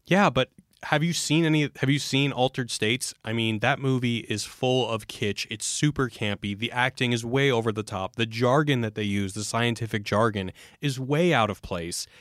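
A man's voice: medium pitch, normal speed, fairly bright tone, dry recording, clean studio sound. A man co-hosting a podcast, asking thoughtful questions about films in casual talk. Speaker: podcast co-host. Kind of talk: casual film discussion.

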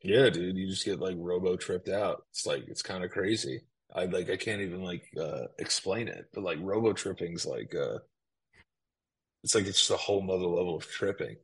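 A man's voice: low voice, normal speed, breathy edge. A man co-hosting a podcast in casual chat, laid-back and full of fillers. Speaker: podcast co-host.

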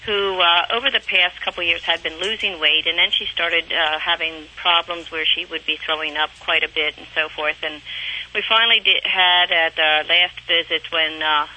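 Bright-voiced woman calling a radio show. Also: lowish voice, steady tone, normal speed, a little hiss or hum, rough recording. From Pennsylvania, US. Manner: friendly, hesitant, laughs easily. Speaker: caller. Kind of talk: radio call-in.

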